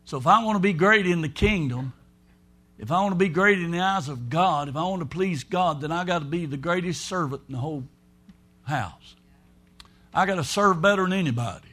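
A man with a high-pitched voice preaches a sermon. He talks in a folksy, emphatic way and slips into the voices of the people he quotes. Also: animated, a little fast, bright, forceful tone.

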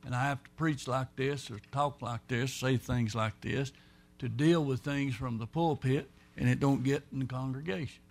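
A pastor preaching a folksy, rambling sermon, swinging between loud and soft. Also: male voice, medium pitch, fairly even intonation, normal speed.

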